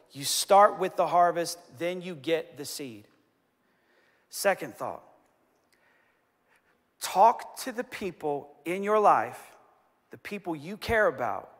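A man in his forties preaches from a stage, telling his stories with animated emphasis and humor at his own expense. His voice is high and bright. It echoes through a large, reverberant hall. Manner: animated, emphatic storytelling, self-deprecating. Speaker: pastor. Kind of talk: sermon.

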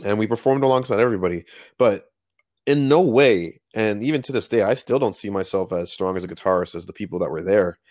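A man co-hosting a podcast, chatting casually in a playful, animated way with lots of metaphors. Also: on the low side, fast talker, no echo, studio quality. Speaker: podcast co-host.

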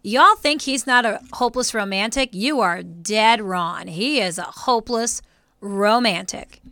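Bright-voiced emotional woman. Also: fairly high pitch, measured pace, dry recording, clean studio sound. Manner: emotional, animated storytelling. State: teary. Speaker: podcast co-host. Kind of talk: casual faith talk.

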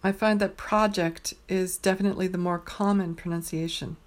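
A woman teaching pronunciation, saying each word slowly and clearly, with pauses between words. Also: fairly low pitch, steady tone. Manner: carefully enunciated single words with pauses. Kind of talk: slow, deliberate pronunciation drill.

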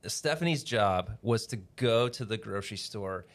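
Low-voiced pastor telling stories. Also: male voice, moderate pace. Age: middle-aged. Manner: warm storyteller, grows animated and laughing in anecdotes. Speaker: pastor and guest author. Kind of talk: casual podcast interview.

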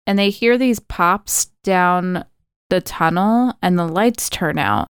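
A woman podcast co-host walks through a film plot in easygoing conversation, peppered with "like." Her voice is very smooth and clear, and sits a little low. The sound is close and dry, with no room echo. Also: animated, slow. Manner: chatty storytelling, many "like" fillers. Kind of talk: casual film recap chat.

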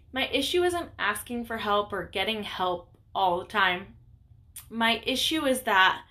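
Young woman podcast host, bright forceful tone, slightly high voice, candid rambling chat. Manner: candid, chatty, rambling with fillers. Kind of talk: casual personal monologue.

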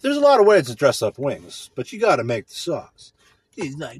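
Comic man, high and very animated, rambling storyteller who cracks himself up, dry close mic. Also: normal speed, breathy edge, dry recording. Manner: spins a long absurd story and laughs at his own jokes, voices swinging high.

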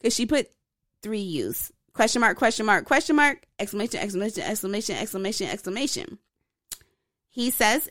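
A woman co-hosting a casual podcast, a little tipsy, telling a story in an animated way. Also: mid-range voice, a little fast, dry recording, clean studio sound. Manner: animated storytelling, reads out posts with emphasis. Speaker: podcast co-host. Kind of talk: casual chat.

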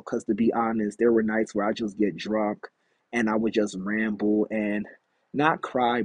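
A man with a husky voice hosts a solo podcast, rambling on in a frank and confessional way. He sits outdoors in a backyard, and his voice sounds dry and close, with no room echo. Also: mid-range voice, a little mellow. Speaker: podcast host. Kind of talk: candid solo podcast monologue.

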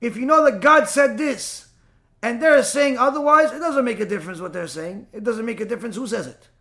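A man giving a spoken religious lesson as a teacher, animated and full of rhetorical questions and mock back-and-forth dialogue. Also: very high voice, a little fast.

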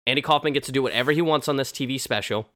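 Man, casual storytelling, chatty, animated, crisp bright tone. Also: medium pitch, rapid-fire, no echo, studio quality. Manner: animated, loose and chatty, lots of fillers.

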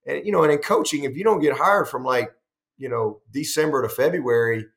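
Middle-aged male football coach, mid-range voice, spinning rambling, animated stories in an interview. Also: mid-range voice, a little fast. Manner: animated, rambling, with frequent restarts and quoted dialogue. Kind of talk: storytelling in a conversational interview.

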